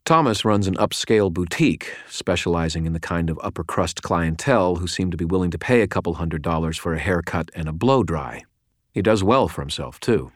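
A man reads a first-person story in a wry, deadpan way. His voice is very low and the recording is close and dry, with no room sound. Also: no room sound. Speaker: audiobook narrator. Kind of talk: first-person scripted narration.

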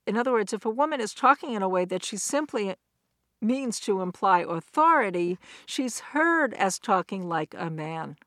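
A middle-aged woman giving a recorded academic lecture, explaining points step by step in a measured, clear way. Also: mid-range voice, a bit bright, no room sound, clean studio sound. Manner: measured, explanatory, with quoted examples.

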